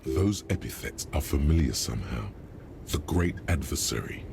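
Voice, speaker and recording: An actor voicing a grave, commanding inner-voice narrator in a detective video game, speaking in measured, dryly judging pronouncements. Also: male voice, animated, a little mellow, a little hiss or hum, full character voice. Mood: dry, ominous. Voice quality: deep gravelly voice. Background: game music.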